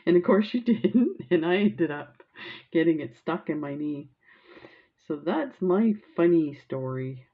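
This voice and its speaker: Low chatty lady rambling on about her beads, kinda muffled lo-fi sound. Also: expressive, measured pace. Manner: rambling, chatty storytelling with laughs and gushing. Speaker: crafting vlogger. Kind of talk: casual chat while showing beads.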